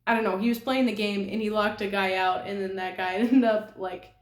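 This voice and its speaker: This nail artist vlogger, a young Californian woman, speaks briskly in a steady, medium-pitched voice. Sitting in her apartment room, she chats casually and rambles to viewers, giggling a lot and joking at her own expense, with noticeable room echo.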